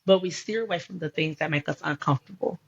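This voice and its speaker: A woman's voice: low voice, fast talker, creaky, husky. A woman life coach talking about faith and grief in an emphatic, preacherly storytelling way. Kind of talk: faith-based conversation. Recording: dull lo-fi sound.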